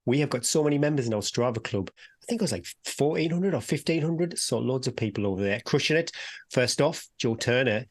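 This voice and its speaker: A man co-hosting a running podcast, enthusiastic and quick to laugh. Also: mid-range voice. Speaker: podcast co-host. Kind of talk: casual chat.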